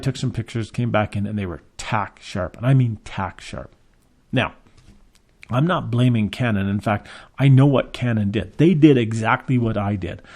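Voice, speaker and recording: A man's voice: mid-range voice, darkish tone. A man running a photography business, telling a story as a lesson and acting out the quotes with big jumps in his voice. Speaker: photography shop owner and teacher.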